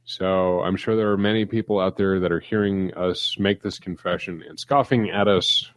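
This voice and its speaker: A man co-hosting a casual podcast chat, telling stories in an animated way. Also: low voice, normal speed, hardly any pauses, dry recording. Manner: animated storyteller. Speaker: podcast co-host.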